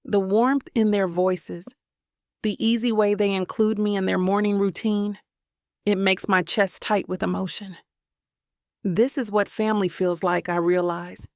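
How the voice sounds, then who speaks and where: A woman's voice: mid-range voice, fairly even intonation, measured pace, darkish tone, no echo. A woman narrating a first-person romance audiobook in a tender, reflective manner, recorded on a close mic.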